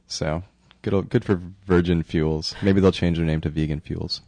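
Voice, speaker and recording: Low-voiced man chatting on radio. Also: steady tone, gravelly, darkish tone. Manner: halting, many fillers and restarts, jokey. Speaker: radio show co-host. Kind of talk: casual radio chat, reading news stories. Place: radio studio.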